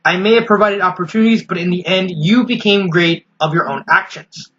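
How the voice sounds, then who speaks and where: Gentle motherly pony princess, read by a man, calm and earnest, bright tone, slightly muffled. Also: high-pitched, fairly quick, a little hiss or hum. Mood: tender.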